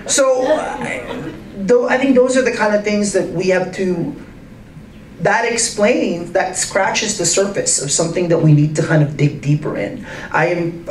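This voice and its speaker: A man speaking to a live audience in an arts center, emphatic and full of rhetorical questions, his pitch swinging widely. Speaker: guest speaker in a public conversation. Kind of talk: animated talk to a live audience. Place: arts center event space. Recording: roomy and distant with faint noise.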